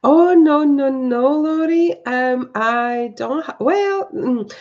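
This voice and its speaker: A woman's voice: high voice, slow pace, darkish tone, lo-fi sound. A woman giving live psychic readings from home, speaking hesitantly with many ums and restarts. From lives in northern Scotland, learned English there. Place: at home with a dog.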